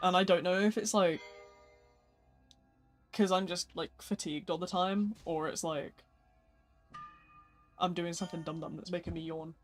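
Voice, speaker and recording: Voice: medium pitch, steady tone, moderate pace, pauses often, faint music behind. A gaming livestreamer in casual, rambling chat, sleepy and yawning, slangy and self-mocking.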